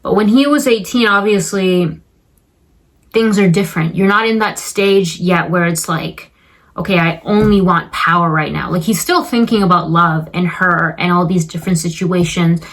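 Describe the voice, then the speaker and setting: In a casual film review vlog, a young woman rambles chattily with plenty of fillers, now and then voicing the characters' lines herself. Her voice is on the low side and moves at a normal speed, though the audio is poor.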